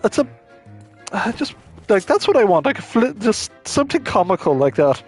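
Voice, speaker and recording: A man's voice: high voice, sing-song, normal speed, slightly rough, soft background music. A man streaming a game, chatting loosely about it with lots of fillers. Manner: rambling, filler-heavy chat. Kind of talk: casual gameplay commentary.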